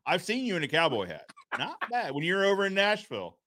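Upbeat male host, fairly high and lively, reading comments to a live audience. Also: fast talker. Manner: upbeat, reads viewer comments aloud. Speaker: podcast host. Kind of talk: casual live-stream chat.

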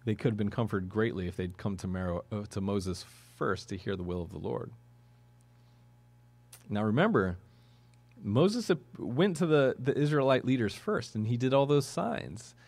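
A man's voice: lowish voice, lively intonation, moderate pace, vocal fry, a little mellow, dry recording. A man preaching a sermon in a conversational way, with chuckling asides and questions to the congregation. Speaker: pastor.

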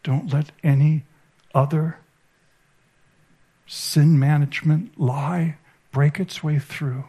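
Male conference preacher, voice on the higher side, emotional storytelling, stumbles and restarts. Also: steady tone, mellow, breathy edge. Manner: emotional storytelling with halting repetitions. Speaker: conference speaker. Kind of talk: sermon. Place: conference stage.

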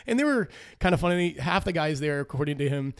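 Man, 40s, brewer guest, a bit high-pitched, loose rambling chatter. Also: clear, resonant tone. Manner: rambling and animated, quick laughs. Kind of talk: casual interview chat.

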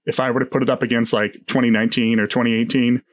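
A man's voice: mid-range voice, little pitch movement, fast talker. A man hosting a casual movie chat, rambling along with many fillers and restarts. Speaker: podcast host.

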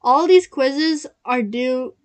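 A woman's voice: high-pitched, slow. A young woman co-hosting a casual podcast, rambling with lots of fillers and giggles. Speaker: podcast co-host. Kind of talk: casual chat.

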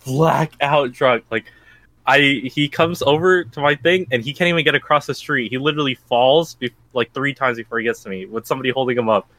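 A young man telling a story casually to friends, animated, laughing often and swearing. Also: mid-range voice, a little fast, no room sound.

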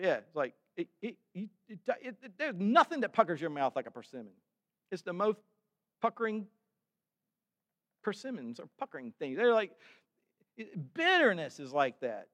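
A man's voice: on the high side, a bit bright. A male pastor preaching a conversational sermon, reading scripture with rising intensity and often restarting his sentences.

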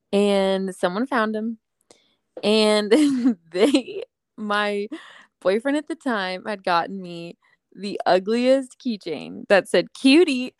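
A woman's voice: mid-range voice, no room sound, studio quality. A woman co-hosting a casual chat, bubbly and self-deprecating, laughing often as she tells stories. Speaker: podcast co-host. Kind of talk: casual chat, telling anecdotes.

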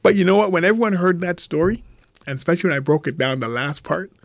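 A man's voice: sits high, animated, quick pace, dry recording. A man telling a story as a podcast guest, acting out the other people's lines as he goes. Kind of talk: animated storytelling. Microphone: remote call.

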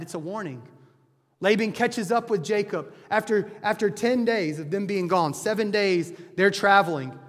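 Retelling a scripture story in his sermon, a preacher speaks unhurriedly in a high, light voice, loose and conversational, often backing up to restart phrases. A long reverb makes his voice ring as in a big hall.

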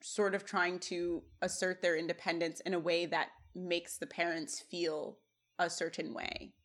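A woman's voice: lowish voice, unhurried. A woman co-hosting a podcast, casually recapping a TV episode scene by scene and laughing often. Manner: animated scene retelling with laughs. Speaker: podcast co-host.

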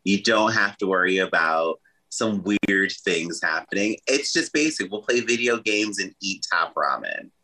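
A man's voice: deep voice, lively intonation, unhurried, hardly any pauses, sharp tone, low-quality recording. A man as co-host in a casual gossip chat, joking in a goofy, playful way. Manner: jokey, goofy humor. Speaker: podcast co-host.

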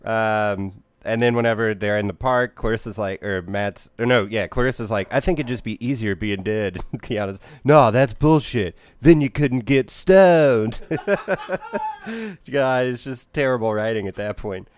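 A man's voice: fairly low pitch, fairly even intonation, normal speed, hardly any pauses, slight background noise. A man co-hosting a podcast, chatting casually about a movie, laughing often, swearing and acting out lines from it. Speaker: podcast co-host.

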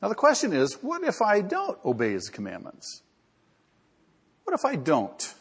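Gravelly male pastor, earnest sermon, husky voice, long hall reverb. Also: high voice, huge pitch swings, moderate pace. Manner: earnest, rising to emphatic peaks.

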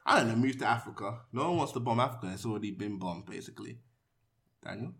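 Joking young man, lively pitch. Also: quick pace, creaky. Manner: joking, provocative, rambling. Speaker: podcast host. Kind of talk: casual podcast chat.

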